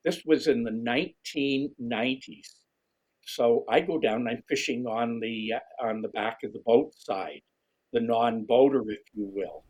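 A middle-aged man with a husky voice, telling a lively story as an interview guest, often restarting his sentences. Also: unhurried, poor audio. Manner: animated storyteller, restarts often, jumps high when quoting others. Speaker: guest, fishing writer. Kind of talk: storytelling conversation.

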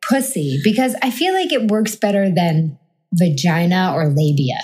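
A woman's voice: fairly low pitch, lively intonation, moderate pace, darkish tone, breathy edge. A woman from Montauk co-hosting a podcast, chatting in crude, giggly banter. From Montauk, New York. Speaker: podcast co-host. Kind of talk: casual chat.

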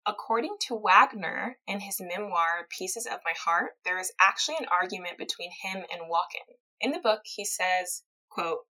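Bright-voiced woman telling a true-crime story. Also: mid-range voice, moderate pace, few pauses, rough recording. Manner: chatty, reads quotes aloud, laughs easily. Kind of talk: casual storytelling chat.

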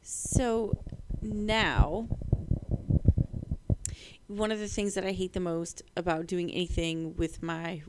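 A woman co-hosting a podcast, chatting casually and laughing while reading out odd news stories. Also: on the low side. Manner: giggly, animated, playful. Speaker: podcast co-host.

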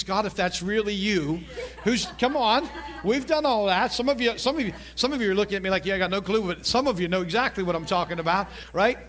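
A man's voice: high-pitched, a bit bright. A man preaching a sermon in a chatty, joking way, often asking the congregation questions. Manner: conversational, jokey, asks the congregation questions.

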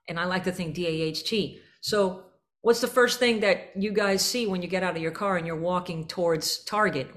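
A woman's voice: fairly low pitch, fairly bright tone. A woman leading a band rehearsal, explaining articulations through vivid images and singing syllables to demonstrate. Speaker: band clinician. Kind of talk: rehearsal instruction to a student band.

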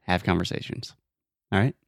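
Southern american guy hosting a language podcast, real low voice, upbeat and teachery. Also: moderate pace, gravelly, no room sound, clean studio sound. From Southern United States. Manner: upbeat, teacherly, gives step-by-step advice. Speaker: podcast host and English teacher. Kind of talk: casual podcast chat.

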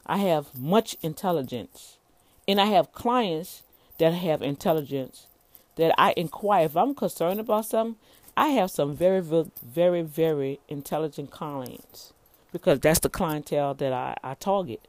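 A woman's voice: low voice, moderate pace, no echo. Preachy middle-aged woman ranting casually. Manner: preachy, addresses listeners as y'all; repeats words and restarts often. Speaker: entrepreneur. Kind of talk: casual motivational rant.

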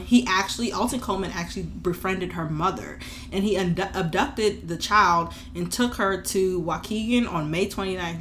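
Bright-voiced woman telling a crime story. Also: lowish voice, slight background noise. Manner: loose slangy storytelling, laughs often. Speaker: true crime podcast co-host. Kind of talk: casual chat.

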